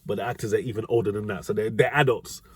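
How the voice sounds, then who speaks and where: A British dating advice vlogger tells a casual, rambling story in slangy speech, often correcting himself. His voice is on the low side, steady, slightly rough, and fast, recorded dry and close with no room sound.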